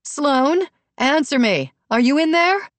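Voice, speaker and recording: A woman's voice: mid-range voice, animated, takes it slowly, darkish tone, no room sound, pitched above the performer's own voice. A woman narrating an audiobook voices a frantic mother who demands answers in a raised, urgent voice. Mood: urgent, demanding. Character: frantic, forceful mother searching for daughter.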